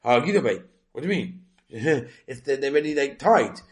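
A man's voice: mid-range voice, big pitch swings. A man giving a Talmud study lecture, reading the text aloud and explaining it in English with many rhetorical questions. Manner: mixes Aramaic readings with quick English explanation. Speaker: Talmud teacher.

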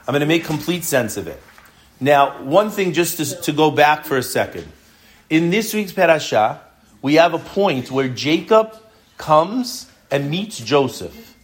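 A man teaching a classroom Torah lesson, explaining earnestly through rhetorical questions and often dropping to a low, intense voice. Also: big pitch swings, measured pace.

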